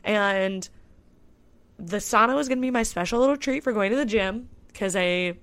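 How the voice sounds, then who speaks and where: A woman's voice: mid-range voice, normal speed, fairly bright tone. A woman in her twenties hosting a solo podcast, chatting candidly and telling a personal story with lots of "I was like" asides. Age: 20s. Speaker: podcast host. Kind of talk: casual solo podcast monologue.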